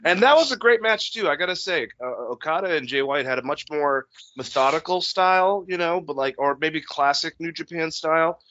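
A man's voice: fairly high pitch, expressive, brisk, few pauses, a bit bright, slight background noise. A man co-hosting a podcast in casual chat, talking loosely with profanity and rambling asides. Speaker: podcast co-host. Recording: dull lo-fi dry recording.

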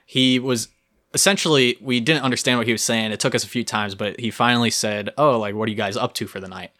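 A man's voice: medium pitch, steady tone, quick pace, bright, forceful tone. A young man co-hosting a podcast, telling a story vividly and playfully in casual chat. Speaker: podcast co-host.

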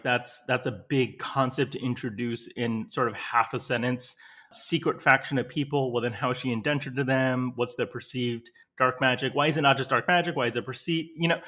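A man's voice: mid-range voice, fairly bright tone. Man giving casual query-letter feedback. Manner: conversational, frequent "right?" and "like"; direct, upbeat advice. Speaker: literary agent.

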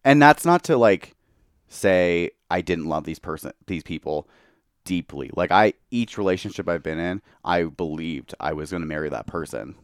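A man's voice: low voice, animated, moderate pace, clean tone, no echo, studio quality. A young man talking candidly as a podcast guest, a bit tipsy from tequila, filling his speech with "like.". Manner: candid, heavy use of "like". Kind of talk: casual chat.

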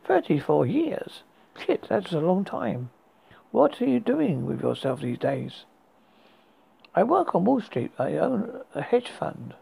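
A man's voice: high voice, sing-song, slow pace, creaky, dark tone, breathy edge, exaggerated voice. A man voicing an aloof, wealthy middle-aged man who answers an old acquaintance in a curt, guarded way, read in a horror story.

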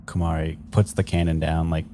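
A man's voice: a bass voice, level tone, brisk, warm tone, slight background noise. A man playing a tabletop role-playing game, talking casually with lots of hesitations. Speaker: player.

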